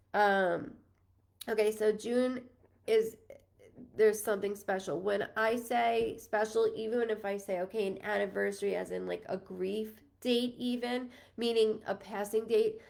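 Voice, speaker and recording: A woman's voice: mid-range voice, vocal fry, a little mellow. A woman in her thirties from New York, a psychic medium giving a live-streamed reading in a chatty, rambling, apologetic and emotional way. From New York, USA. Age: 30s.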